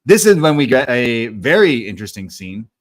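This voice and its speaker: A man's voice: mid-range voice, big pitch swings, moderate pace. A man co-hosting a casual movie review podcast, recapping the plot loosely with filler words and swearing. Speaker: podcast co-host.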